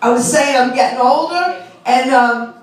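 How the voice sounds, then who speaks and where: High-voiced New woman in her sixties. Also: unhurried. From Long Island, New York. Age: 60s. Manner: self-deprecating, chatty, teasing the audience. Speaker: stand-up comedian. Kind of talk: stand-up comedy set. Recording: echoey club room from far off.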